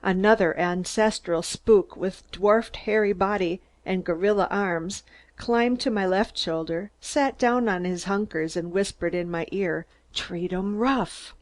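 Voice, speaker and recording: A woman from Minnesota reading an audiobook novel aloud in a calm, even manner. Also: mid-range voice, unhurried. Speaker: audiobook reader. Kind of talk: audiobook narration.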